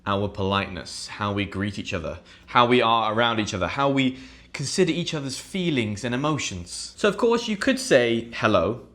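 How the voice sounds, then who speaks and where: A young British man teaching English online in a scripted lesson, acting out example phrases in a higher voice. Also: sing-song, normal speed, a bit bright. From United Kingdom.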